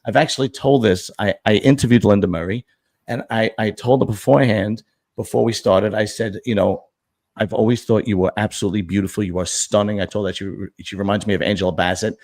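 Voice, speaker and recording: A man's voice: fairly low pitch, fairly even intonation, a little fast, darkish tone. A middle-aged man hosting a casual chat, talking bluntly and joking crudely. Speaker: host.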